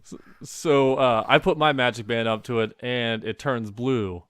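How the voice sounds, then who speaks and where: A young adult man co-hosting a casual podcast, telling an animated story and acting out the people in it. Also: medium pitch, measured pace. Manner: animated storyteller, acts out quoted voices. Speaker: podcast co-host.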